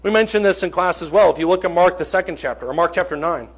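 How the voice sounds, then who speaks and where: Earnest high-voiced male preacher. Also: quick pace, breathy edge. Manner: earnest, emphatic, self-correcting with small jokes. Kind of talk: sermon. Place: church.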